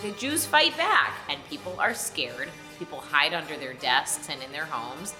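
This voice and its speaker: A woman rabbi, a bit tipsy, retelling an old story as comedy and jumping into loud voices for the characters. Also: low-pitched, sing-song, moderate pace, reverberant, over music.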